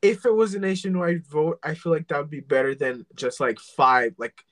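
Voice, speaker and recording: A man's voice: a little high, fairly even intonation, normal speed, low-quality recording. A man co-hosting a podcast in casual chat, hesitant and full of restarts. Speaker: podcast co-host.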